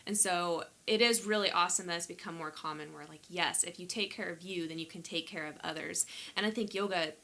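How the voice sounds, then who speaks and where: A woman from the US Midwest, a podcast co-host in casual chat, wry and quick to laugh. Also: lowish voice. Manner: bright, wry, laughs easily.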